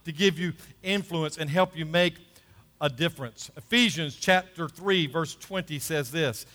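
A man's voice: on the high side, a little slow, fairly bright tone, in a large hall. A man preaching a sermon as pastor, emphatic and repeating key phrases, calling for responses from the congregation.

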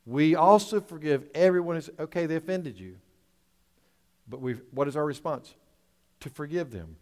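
A male pastor preaching a sermon, swinging from loud, drawn-out lines to quiet asides and asking the congregation rhetorical questions. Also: a little high, animated, big-room sound.

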